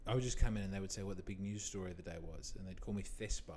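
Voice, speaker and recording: A man's voice: deep voice, racing, a little mellow, slight background noise. An Australian man on a comedy chat show, telling stories playfully and slipping into funny voices. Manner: playful storyteller who breaks into funny voices. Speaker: comedian guest. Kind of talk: casual chat.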